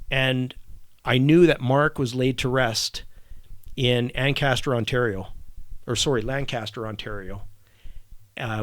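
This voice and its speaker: Halting middle-aged man, dry sound. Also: medium pitch, dry recording. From Canada. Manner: halting, repeats and restarts words, reflective. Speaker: guest, retired army warrant officer. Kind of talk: personal storytelling in a podcast interview.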